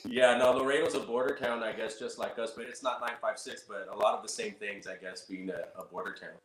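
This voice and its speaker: A man, a guest giving relaxed, brief replies in casual chat. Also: on the low side, a little fast, poor audio. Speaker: guest musician.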